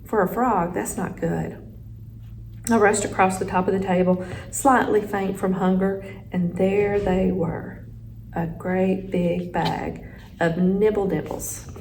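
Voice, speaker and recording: A woman teacher reading a children's chapter book aloud with expressive storytelling. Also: medium pitch, slow pace, a little hiss or hum, low-quality recording.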